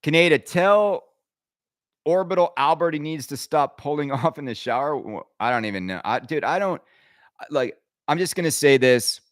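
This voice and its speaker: A man's voice: fairly high pitch, animated, moderate pace, no echo, studio quality. A man hosting his own podcast, ranting his opinions emphatically and rambling, with frequent stammered restarts. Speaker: podcast host.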